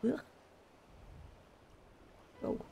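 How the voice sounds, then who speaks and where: A woman's voice: very slow, warm tone, a little hiss or hum. A woman streaming a game, chatting casually between lines of game dialogue she reads aloud, with lots of "like".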